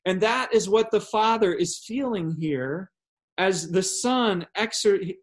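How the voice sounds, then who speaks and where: A man's voice: high voice, slow. A man preaching a sermon as a pastor, earnest, asking rhetorical questions and often repeating a word as he restarts.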